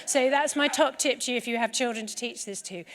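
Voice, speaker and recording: A woman with a high voice gives a talk to a live audience. She tells stories in a lively way, and her voice rings out with a long echo in a large hall. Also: fairly quick. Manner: lively storytelling. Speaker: conference speaker.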